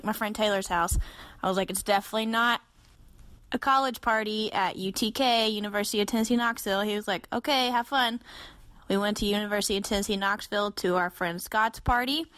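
A woman in her twenties, a podcast co-host, telling a story in a casual, animated way and acting out the voices she quotes. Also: no echo. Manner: animated, acts out quoted voices with big jumps in pitch.

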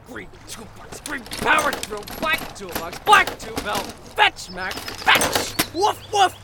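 A woman's voice: sits high, very animated, slow pace, gravelly, heavily acted. A woman voicing an odd, rambling eavesdropper who talks to a dog in an audio drama. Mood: distracted. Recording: loud noise, voice far off.

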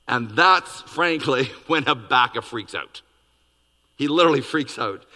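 A man preaching a sermon as pastor, animated and acting out quoted dialogue with big swings in his voice. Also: medium pitch, measured pace. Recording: long reverb of a hall.

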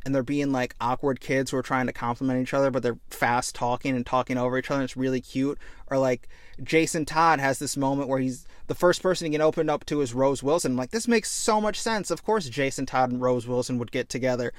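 A man's voice: mid-range voice, brisk, dry recording. Exasperated swearing man, dry sound. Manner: loud, exasperated, heavy swearing. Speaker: podcast host. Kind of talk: casual ranting review.

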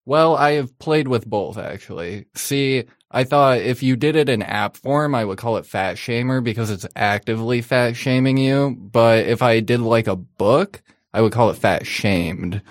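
A man's voice: medium pitch, measured pace, no echo, clean studio sound. A man chatting casually and joking on a podcast, rambling loosely with lots of fillers. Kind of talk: casual chat.

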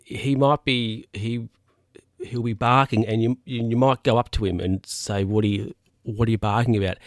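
A man's voice: lowish voice, no room sound, clean studio sound. A man hosting his own podcast, chatting casually on his own and wandering off into asides with plenty of restarts. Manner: rambling, with frequent restarts and asides. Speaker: podcast host. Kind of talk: casual solo podcast chat.

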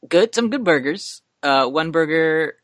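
A man's voice: on the high side, expressive, unhurried, fairly bright tone, dry recording, studio quality. Rambling young man hosting a podcast. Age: 20s. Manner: rambling, self-mocking, laughs often. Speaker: podcast host. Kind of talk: casual chat.

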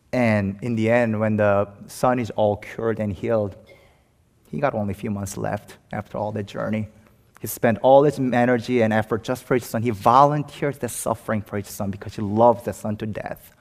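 A man preaching a sermon as pastor, speaking with rising passion and emphatic peaks. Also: mid-range voice. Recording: long hall reverb.

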